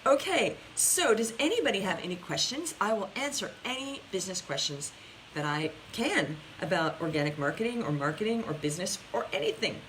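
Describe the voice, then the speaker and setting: An upbeat woman coach talks on a live stream at a medium pitch, chatting straight to her viewers and restarting her sentences often. A faint hiss sits under her voice from the home webcam setup. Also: big pitch swings, a little fast, a bit bright, rough recording. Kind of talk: casual live-stream talk answering viewer questions.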